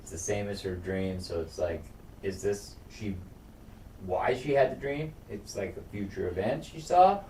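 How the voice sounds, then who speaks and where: Deep, mellow man recapping a show, swearing freely. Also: moderate pace. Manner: profane, animated episode recap. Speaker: podcast co-host. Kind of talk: casual chat. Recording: roomy room, far from mic, faint noise.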